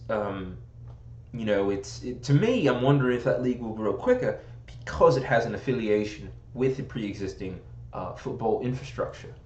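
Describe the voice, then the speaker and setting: A man's voice: medium pitch, darkish tone. An American man in casual, rambling chat, mocking himself and joking about slipping into a posh British accent. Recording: echoey room.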